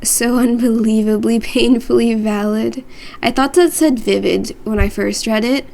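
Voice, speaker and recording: A woman's voice: fairly high pitch, measured pace, creaky, dark tone. A woman streamer chatting casually with her viewers from her room, rambling and playful, often joking at her own expense. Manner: rambling, playful, self-deprecating.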